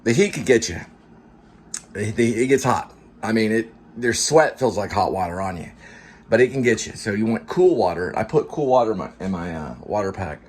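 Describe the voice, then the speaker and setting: A man's voice: on the low side, expressive, moderate pace, slight background noise. A man, an actor and vlogger, chatting in a rambling, casual way and drifting from one topic to the next. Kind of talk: casual vlog chat.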